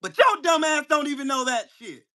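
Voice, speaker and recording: A man hosting his own channel, delivering a heated, profane political rant at a commenter, firing rhetorical questions and bursting into shouts. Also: very high-pitched, big pitch swings, fairly quick. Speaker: channel host. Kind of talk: angry political rant to camera.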